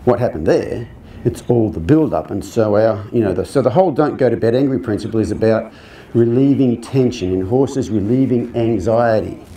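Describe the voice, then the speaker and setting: A man's voice: medium pitch, warm tone, a little hiss or hum. A male horse trainer giving a live clinic talk, conversational and joking, often putting questions to the audience.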